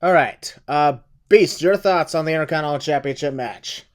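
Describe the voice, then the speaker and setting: A man's voice: a little high, moderate pace. A man hosting a podcast, passing the floor to others and introducing matches with announcer-style build-ups. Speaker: podcast host.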